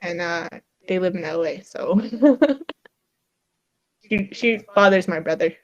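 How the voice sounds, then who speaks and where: A woman's voice: on the low side, lively intonation, takes it slowly, highs cut off. A young woman in casual podcast chat, telling stories with a lot of laughter and quoted back-and-forth. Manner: chatty storyteller, laughs often, quotes her mom. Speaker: podcast co-host.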